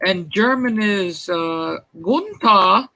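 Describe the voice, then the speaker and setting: A man's voice: high voice, big pitch swings, fairly quick, pushed and bright. A man joining a live stream, joking and teasing in casual banter while he plays a game.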